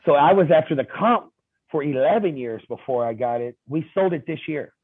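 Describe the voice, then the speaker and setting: An insurance agent appears as a guest in a casual interview, telling lively sales anecdotes and imitating the people he quotes, with plenty of ums and uhs. His husky voice is fairly quick and a bit high for a man. The audio is dry, thin and tinny like a phone line, with no room sound.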